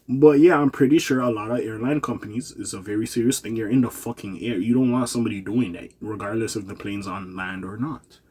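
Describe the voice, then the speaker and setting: Lively, profane male commentator. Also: mid-range voice, husky. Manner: loose, profane and slangy, with many asides. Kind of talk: casual opinion commentary.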